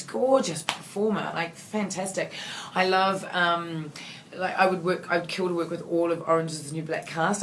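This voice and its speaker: A woman's voice: on the low side, a little hiss or hum. Chatty woman. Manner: rambling, warm and effusive, many fillers and restarts. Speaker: actress answering fan questions. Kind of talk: casual Q&A.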